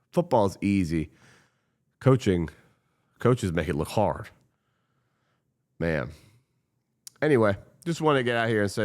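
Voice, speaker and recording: A man's voice: on the low side, expressive, unhurried, pauses often. Profane, fired-up man ranting about football. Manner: impassioned, profane, fan venting. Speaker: podcast host. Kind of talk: casual sports rant.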